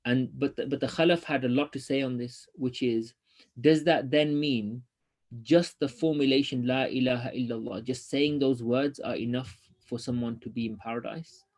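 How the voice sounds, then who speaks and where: A man teaching an online lesson, reading passages from a religious text quickly and then explaining them in a loose, hesitant way full of ums. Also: medium pitch, fairly even intonation, a little mellow.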